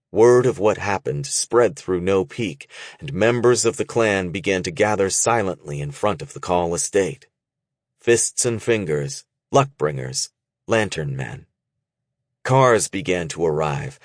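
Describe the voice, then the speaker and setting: A man reads audiobook narration from a script in a low-pitched voice, keeping the delivery measured and expressive. It's a dry recording with clean studio sound.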